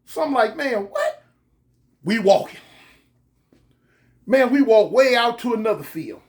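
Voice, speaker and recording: A man casually telling a comic story from his own life, animated and full of street slang. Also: very high voice. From California. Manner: animated, slangy, drawn-out pauses.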